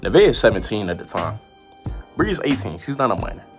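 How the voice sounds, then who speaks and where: A young woman telling a story in a casual vlog, animated and full of repeated "like"s. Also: very deep voice, quick pace, soft background music. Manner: animated, lots of "like" and repeated phrases.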